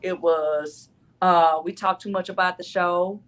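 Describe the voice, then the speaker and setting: A woman's voice: lowish voice, steady tone, a little slow. A woman, a former dating show cast member, telling her story in casual chat and acting out her own quoted lines.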